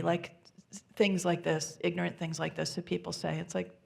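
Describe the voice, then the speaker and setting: Woman minister preaching, low gravelly voice, soft and intimate, slips into near whispers. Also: normal speed. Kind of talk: sermon. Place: church sanctuary.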